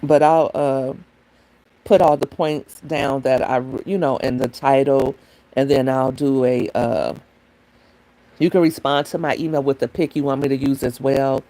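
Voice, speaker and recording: A woman hosts a laid-back livestream and talks straight to her viewers in a mellow, warm voice. She rambles from one thought to the next and reads comments from the chat aloud. She is talking into a phone. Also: very deep voice, steady tone, measured pace. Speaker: livestream host.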